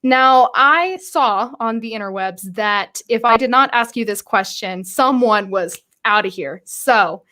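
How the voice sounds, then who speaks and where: A woman hosting a live-streamed career interview, bubbly and excitable, often stumbling over her words. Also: on the high side, a little slow, hardly any pauses. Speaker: host.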